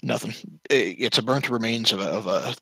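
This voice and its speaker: A man narrating as dungeon master in a tabletop game, talking haltingly with many fillers. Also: fairly low pitch, gravelly, pushed and bright, husky, no echo, low-quality recording.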